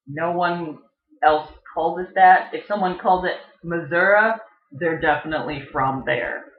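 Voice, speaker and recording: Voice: mid-range voice, a little slow. A presenter casually explaining regional differences, talking with lots of ums and uhs and imitating how words are pronounced in different places. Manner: chatty, filler-heavy, mimics regional pronunciations. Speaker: video presenter. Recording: dull, echoey home recording.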